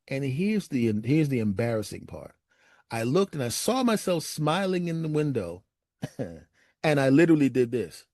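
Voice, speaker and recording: A man telling a personal story as a monologue, animated and acting out his friends' lines. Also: no echo, studio quality. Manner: animated, acts out friends' lines in raised pitch.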